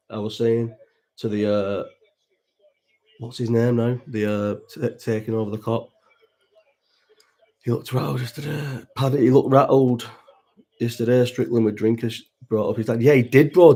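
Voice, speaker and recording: A Bolton man in his thirties, speaking with a Northern English Bolton accent, hosts a watch-along livestream, chatting casually, rambling, swearing freely and answering the chat. His voice is mellow and medium-pitched, with fairly even intonation at a moderate pace.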